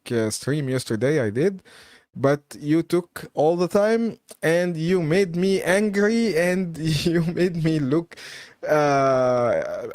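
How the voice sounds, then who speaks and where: A man chats casually to his viewers on a live stream, reading out their comments and laughing along. He speaks at an unhurried, slow pace, and the recording is dry and close, with no room sound. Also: a little high, darkish tone, dry recording. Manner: chatty, laughs often, reads viewer comments aloud.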